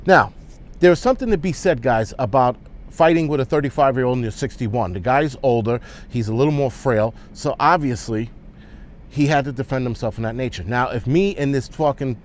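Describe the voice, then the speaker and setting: A man delivers an angry vlog rant. He talks bluntly and swears freely. His voice sits at an ordinary, mid pitch. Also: brisk, a little hiss or hum. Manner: profane, blunt, heated. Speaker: prepper vlogger.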